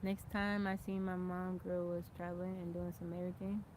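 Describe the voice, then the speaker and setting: A woman's voice: on the low side, little pitch movement, brisk, a little mellow, a little hiss or hum. A woman hosting a casual live stream outdoors, chatting and greeting viewers by name as they join, and thanking them. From America. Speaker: livestream host. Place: outdoors in nature.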